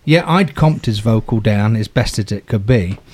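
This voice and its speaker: A man's voice: on the low side, normal speed. A man who produces records, telling a story in casual conversation, laughing often and acting out the quotes. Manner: animated, acts out quotes with raised voice, laughs often.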